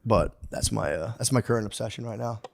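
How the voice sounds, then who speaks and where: A man's voice: lowish voice, a little fast, gravelly, a little mellow. Rambling, profane male podcast host. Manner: rambling, profane, acts out quotes in put-on voices. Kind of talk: casual podcast chat.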